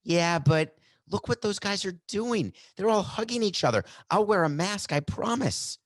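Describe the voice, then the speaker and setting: A man's voice: lively intonation, moderate pace, no echo. A man voicing a young male ballplayer who pleads and begs in a raised voice. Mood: pleading. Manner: begging, high-pitched.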